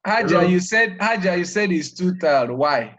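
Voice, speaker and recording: A man teaching a class. He repeats key terms slowly and leaves sentences open with "what?" so the students fill in the answer. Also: high voice, expressive, fairly bright tone, lo-fi sound. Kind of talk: classroom lecture.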